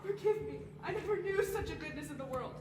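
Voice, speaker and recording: A teenage girl playing a humble, remorseful Puritan wife pleading with her husband in a high school stage play. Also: animated, fast. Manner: pleading, tearful. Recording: echoey hall from far off, noisy phone.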